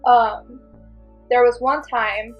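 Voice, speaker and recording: A woman's voice: a little high, steady tone, takes it slowly, highs cut off, soft background music. A young woman, a channel host, telling her own story in casual storytime chat, full of "like" and little laughs. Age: young adult.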